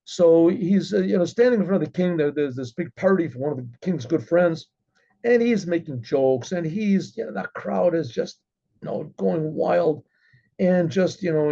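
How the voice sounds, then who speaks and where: A rabbi telling a story in a rambling way, with many fillers and frequent throat clearing. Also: male voice, a little high, animated, normal speed, mellow, lo-fi sound. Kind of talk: storytelling talk.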